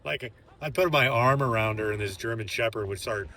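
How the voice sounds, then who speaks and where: A man's voice: mid-range voice, fairly quick, bright, forceful tone, slight background noise. A young man casually telling a story while playing a game, rambling with lots of filler words and chuckling to himself. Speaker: gaming channel host. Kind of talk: casual storytelling over gameplay.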